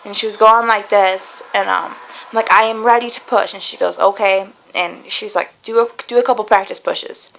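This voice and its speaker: A woman's voice: medium pitch, steady tone, normal speed, vocal fry, fairly bright tone, a little hiss or hum, rough recording. A young woman telling a long personal story in a casual vlog, chatty and rambling, with many fillers and restarts. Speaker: vlogger.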